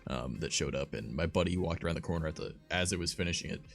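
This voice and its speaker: A man's voice: low voice, quick pace, creaky, faint music behind. A young man hosting a livestream, telling stories in a rambling, profane, filler-heavy casual way. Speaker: streamer host.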